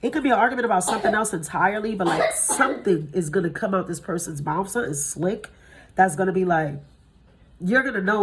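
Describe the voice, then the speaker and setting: A woman in her thirties giving a casual tarot reading, tired from little sleep, blunt and profane, her voice jumping up in pitch when she gets excited. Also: fast talker, a little hiss or hum. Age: 30s. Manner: blunt and profane, swears freely. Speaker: tarot reader.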